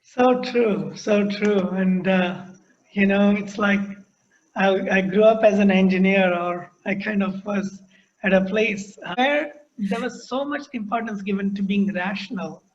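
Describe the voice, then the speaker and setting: A man's voice: high voice, unhurried. A man hosting an interview, reflective and earnest in conversation. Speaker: interview host. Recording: dull lo-fi sound.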